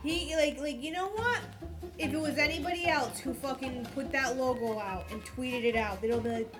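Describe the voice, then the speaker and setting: A fairly high-pitched woman rants through a crude, profanity-laced podcast chat, animated and quick to get worked up. Music plays clearly behind her voice.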